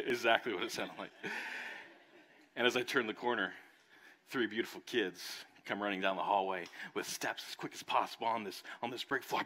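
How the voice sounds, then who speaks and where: A man's voice: on the low side, moderate pace. A young adult man, a pastor preaching a sermon and telling a personal story, acting out voices along the way. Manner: animated storytelling, acts out voices. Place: church service.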